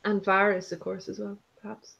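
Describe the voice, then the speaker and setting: Woman, casual book-chat co-host, halting and filler-heavy, slightly dull lo-fi sound. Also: mid-range voice, little pitch movement, creaky, a bit bright, slightly rough. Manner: halting, many fillers and restarts.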